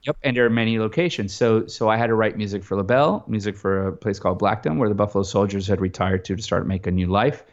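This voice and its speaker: Rambling man with a low voice. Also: fast talker, few pauses, dull audio. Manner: rambling, animated, many restarts and fillers. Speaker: film composer guest. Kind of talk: casual interview talk.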